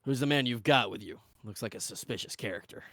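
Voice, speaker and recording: A man voicing a stern snake-headed male gate guard who barks loud, suspicious questions. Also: mid-range voice, fast, dry recording, studio quality, natural voice.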